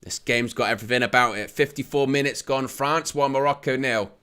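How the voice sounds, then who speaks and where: A man hosting a live football watch-along, giving excitable play-by-play between jokey chat with viewers, laughing often and rising to shouts at near-misses. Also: mid-range voice, brisk, clear, resonant tone.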